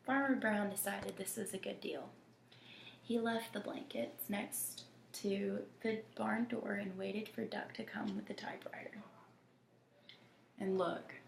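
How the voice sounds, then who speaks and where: Slow whispery woman reading a picture book. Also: mid-range voice, vocal fry. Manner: slow and gentle, often dropping to a whisper. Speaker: storybook reader. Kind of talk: children's picture book read-aloud. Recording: echoey room with faint noise.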